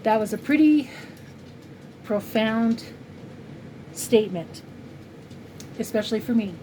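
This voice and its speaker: A woman's voice: fairly high pitch, lively intonation, slow pace, mellow. A woman in her fifties from California, chatting in a rambling, heartfelt way with lots of fillers in a casual personal vlog at home. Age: 50s. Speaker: crochet channel vlogger. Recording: noisy home recording.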